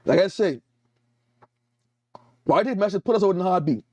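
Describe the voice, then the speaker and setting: Caribbean guy preaching, high voice, repeats himself a lot, pretty dry sound. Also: lively intonation, moderate pace, warm tone, no echo. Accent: Caribbean English. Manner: emphatic, repetitive, calls out to the congregation. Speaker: evangelist preacher. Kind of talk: sermon.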